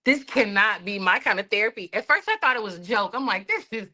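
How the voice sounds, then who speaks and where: A woman in her thirties, a Marine veteran, telling her personal story in a lively, expressive way with frequent laughs. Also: mid-range voice, fast talker, low-quality recording. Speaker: podcast guest, Marine veteran. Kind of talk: casual storytelling.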